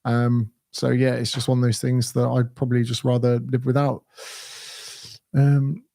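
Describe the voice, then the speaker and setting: Brief: English male fitness coach in his thirties, blunt and ranting, mellow low-toned voice. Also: monotone, normal speed, gravelly. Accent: southern English. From England. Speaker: fitness coach answering viewer questions. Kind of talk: casual Q&A livestream.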